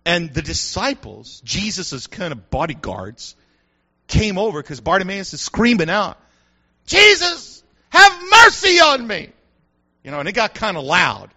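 Animated preacher with a bright, high voice. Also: male voice, moderate pace, breathy edge. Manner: animated, builds to shouting, joking asides. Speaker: pastor. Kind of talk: sermon. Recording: dull lo-fi sound.

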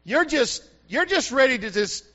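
A man's voice: extremely high pitch, sing-song, normal speed, sharp tone, muffled recording. A man preaching a sermon as pastor, emphatic and repetitive, asking the congregation rhetorical questions.

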